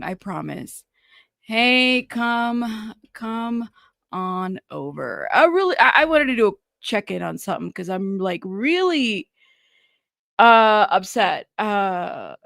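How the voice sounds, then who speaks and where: Upset woman live-streaming, gravelly voice. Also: mid-range voice, a bit bright, no echo, clean studio sound. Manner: scattered, fumbling with her screen, greets viewers by name. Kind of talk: casual live-stream chat.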